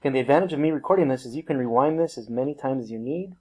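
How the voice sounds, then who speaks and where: A man's voice: medium pitch, very fast, darkish tone. Casual, self-teasing male math teacher. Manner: casual, self-deprecating, laughs at himself; talks through work step by step. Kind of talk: recorded math lesson.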